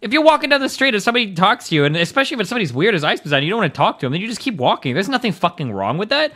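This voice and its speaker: A man's voice: high-pitched, sing-song, sharp tone. A young man streaming, ranting and arguing in a profane, heated, casual way. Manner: profane, fast, argumentative.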